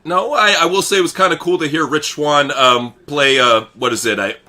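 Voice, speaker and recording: A man's voice: on the high side, normal speed. A man co-hosting a live wrestling reaction, ranting casually and swearing often. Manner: animated, profane, ranting. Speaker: co-host.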